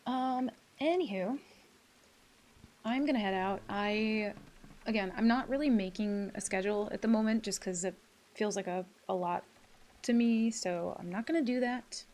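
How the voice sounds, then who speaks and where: A woman's voice: medium pitch, normal speed, a little mellow. A woman live-streaming a game, chatting casually with her viewers, swearing freely and laughing often. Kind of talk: casual live-stream chat while gaming.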